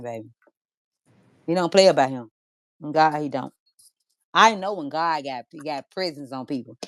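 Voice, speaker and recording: Podcast host, woman, rapid and lower-pitched, loose and swearing. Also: noisy background. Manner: animated, swearing, colloquial slang. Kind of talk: casual chat.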